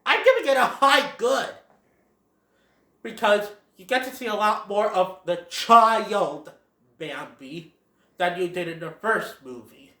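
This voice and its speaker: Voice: mid-range voice, sing-song, slow, pushed and bright. A fan movie reviewer casually retelling a film in a rambling, repetitive way. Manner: rambling, repetitive 'and then'. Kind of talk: casual story-style movie recap. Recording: roomy echo.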